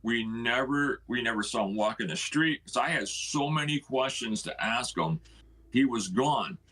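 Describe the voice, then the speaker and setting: A man's voice: medium pitch, animated, normal speed, pushed and bright, breathy edge, poor audio. A middle-aged man, a homeowner, telling the history of his house in earnest, acting out the words of the people in it. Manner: earnest storyteller who acts out quoted speech. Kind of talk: storytelling on a live stream.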